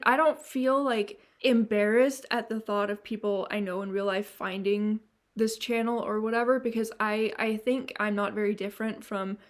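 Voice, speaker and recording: A woman's voice: medium pitch, fairly even intonation. Frank young woman vlogger with a mixed accent. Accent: mix of non-native European and American. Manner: rambling and frank, with many restarts and swearing; fast s sounds she dislikes. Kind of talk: candid to-camera vlog.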